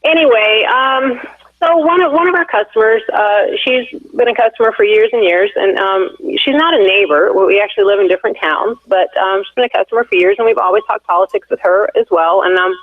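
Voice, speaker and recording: Heard through a tinny, dry phone connection, a mid-range, slightly fast voice belongs to a woman in her forties who is the candidate's wife. She tells a long, meandering story on a call-in interview, full of fillers and restarts, with no echo.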